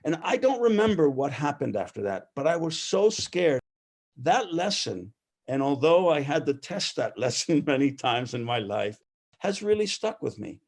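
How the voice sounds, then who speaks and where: A man interviewed as a guest, telling lively anecdotes about his mother and laughing often as he talks. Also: a little high, moderate pace. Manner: animated anecdotal storyteller; laughs often while talking. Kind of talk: personal storytelling.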